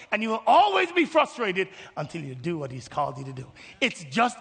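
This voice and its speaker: Animated gravelly preacher man. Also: sits high, fairly quick, few pauses. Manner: animated, acts out voices, swings from hushed to shouting. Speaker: pastor. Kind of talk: sermon. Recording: long hall reverb.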